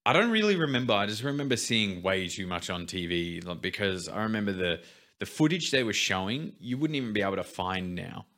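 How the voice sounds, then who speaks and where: A young man on a podcast, telling a childhood story in a laid-back, chatty way that turns quiet when the story gets serious. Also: lowish voice, expressive, brisk. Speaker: podcast co-host. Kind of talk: casual podcast chat.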